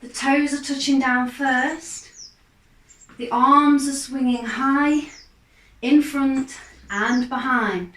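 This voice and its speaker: A woman, a fitness instructor, calmly guiding a gentle exercise class with steady, encouraging cues. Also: high voice. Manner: calm, encouraging, unhurried cues. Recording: echoey room, mic far off.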